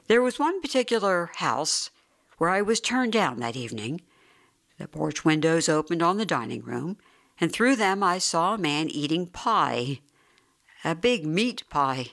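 Brief: measured, dryly ironic audiobook narrator with a mid-pitched voice. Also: very animated, vocal fry, fairly bright tone. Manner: wry, measured storytelling. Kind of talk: scripted narration.

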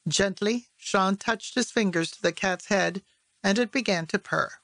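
A woman reads literary fiction aloud in a measured, steady storytelling voice. Her voice sits in a middle register and comes through close and dry, with no room around it. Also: mid-range voice, creaky, dry recording. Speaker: narrator. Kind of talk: audiobook narration of literary fiction.

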